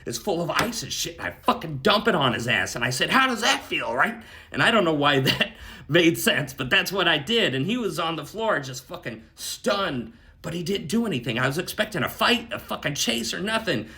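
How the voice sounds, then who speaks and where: Animated, profane man telling a story. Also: fairly high pitch, fairly quick. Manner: profane, animated, keeps adding "right?". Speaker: storyteller recounting a dream. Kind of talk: casual spoken storytelling.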